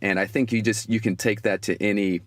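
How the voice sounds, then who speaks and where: Low-voiced man hosting a podcast. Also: a little fast, no echo. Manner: relaxed and reflective, with many fillers and repeated words. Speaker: podcast host. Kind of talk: conversational interview.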